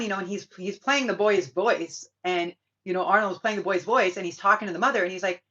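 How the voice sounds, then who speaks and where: A woman hosting a casual spiritual monologue, talking emphatically and ramblingly, swearing freely and filling pauses with ums and likes. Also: fairly low pitch, pushed and bright. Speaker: spiritual reader and channel host. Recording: dull lo-fi sound.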